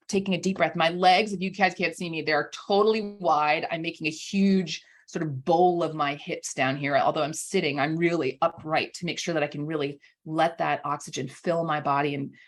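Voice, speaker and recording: Woman coach on a podcast, kinda husky voice, lowish, animated, keeps saying "right?". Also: moderate pace. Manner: animated, often checks in with "right?"; repeats words for emphasis. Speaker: voice and speaking coach, guest. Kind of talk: casual podcast interview, explaining.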